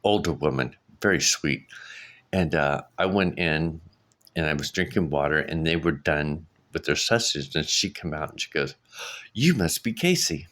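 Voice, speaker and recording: Man, middle-aged, very deep voice, casual vlog monologue, rambling, lots of restarts and fillers. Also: normal speed, pushed and bright. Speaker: vlogger.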